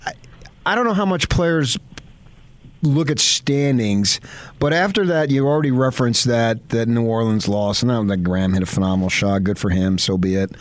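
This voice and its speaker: A man's voice: mid-range voice, moderate pace, no room sound. A man hosting a morning sports radio show, telling long rambling stories and asking questions with eager enthusiasm. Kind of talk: casual sports radio talk.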